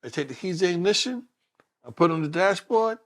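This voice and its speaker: Animated high-pitched New man. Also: a little fast. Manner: animated, acts out the voices of people in his story. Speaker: police detective. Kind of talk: storytelling in a conversational interview.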